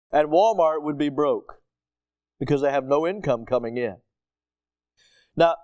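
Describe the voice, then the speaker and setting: A male pastor preaching a sermon emphatically, with rhetorical questions and drawn-out pauses. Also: fairly high pitch, darkish tone.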